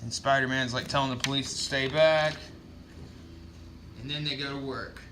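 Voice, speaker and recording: A man's voice: medium pitch, steady tone, moderate pace, sharp tone, slight background noise. A man casually recapping a comic book, rambling with lots of fillers and swearing.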